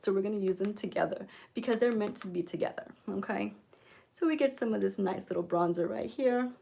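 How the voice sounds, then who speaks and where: A woman giving a mock makeup tutorial, coaxing viewers with deadpan ironic influencer patter and frequent "okay?"s. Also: on the high side, creaky. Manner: coaxing, keeps repeating "okay?". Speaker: beauty vlogger.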